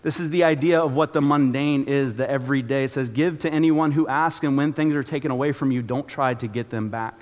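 A man's voice: mid-range voice, steady tone, brisk, hardly any pauses, a little mellow, big-room sound. A man preaching a sermon as pastor, telling a personal story with acted-out asides.

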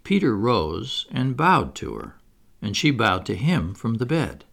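A man narrating a classic storybook aloud in an expressive reading voice. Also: mid-range voice, measured pace, gravelly. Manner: expressive, wide-ranging. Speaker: audiobook narrator.

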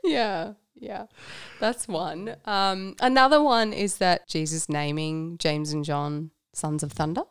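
Low, gravelly woman sharing her faith. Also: slow, no room sound, studio quality. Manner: candid and reflective, with frequent laughs and fillers. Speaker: guest. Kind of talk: casual conversation about faith.

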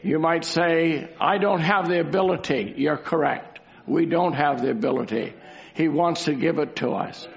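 A man's voice: on the high side, moderate pace, gravelly. A man preaching a sermon, asking rhetorical questions and repeating key lines for emphasis. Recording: dull lo-fi recording.

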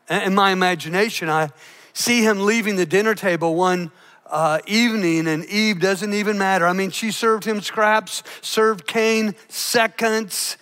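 A man delivers a dramatic sermon in a very high, bright and forceful voice. He drops into soft, hushed stretches, then climbs back to loud, shouted peaks. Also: unhurried. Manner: dramatic preaching, swinging between soft hushed lows and loud shouted highs. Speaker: pastor.

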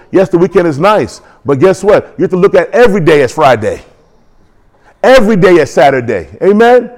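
Male preacher, slightly high voice, exhorting call-and-response sermon style with emphatic rising declarations. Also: fairly quick. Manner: builds to excited, emphatic declarations.

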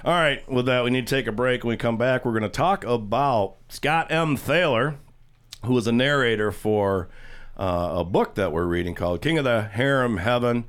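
A man's voice: mid-range voice, moderate pace, fairly bright tone, smooth. A man hosting a radio show, casually rambling and telling a long joke in a chatty way. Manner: rambling storyteller, chuckles. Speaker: radio host.

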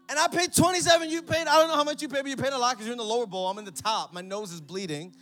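A man preaching an energetic sermon in church, telling a story and calling out to the congregation. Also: very high voice, rapid-fire, hardly any pauses. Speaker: pastor.

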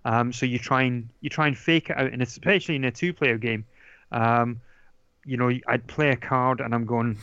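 A man's voice: mid-range voice, steady tone, normal speed, a bit bright, smooth, dry recording. Rambling man in a dull dry recording. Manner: rambling, many ums and restarts. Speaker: podcast guest talking board games. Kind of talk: casual chat.

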